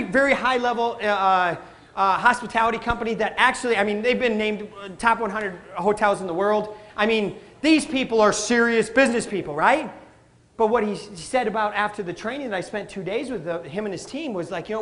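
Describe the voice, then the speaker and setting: A man giving a live motivational talk, animated, calling the audience folks and acting out what people say. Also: high-pitched. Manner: animated, addresses crowd as folks, acts out quotes. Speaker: motivational speaker.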